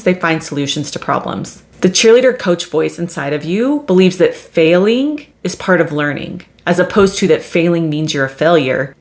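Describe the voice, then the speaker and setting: Brief: woman host, lower voice, steady coaching delivery on a self-help podcast. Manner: measured, repetitive teaching tone.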